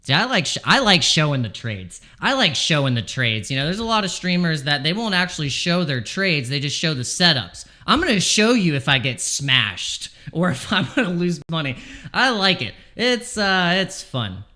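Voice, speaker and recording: A man's voice: on the high side, very animated, moderate pace, pushed and bright. A man streaming his crypto trades live from home, talking anxiously and pleading over and over with the market. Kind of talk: live trading stream commentary.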